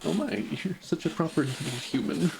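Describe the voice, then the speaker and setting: A man reading the lines of a gentle, cooing, motherly female creature queen in a game. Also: fairly high pitch, a little fast, creaky.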